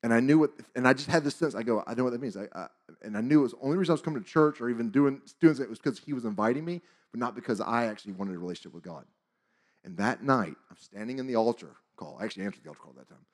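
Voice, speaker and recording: A man in his forties tells a church testimony in a casual, animated way and acts out the dialogue. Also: mid-range voice, racing. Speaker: church speaker. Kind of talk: testimony storytelling.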